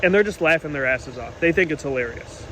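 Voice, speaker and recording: Fast-talking young man recounting a story. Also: fairly high pitch, a little hiss or hum, rough recording. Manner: animated, indignant retelling with quoted dialogue. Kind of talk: storytime monologue to camera.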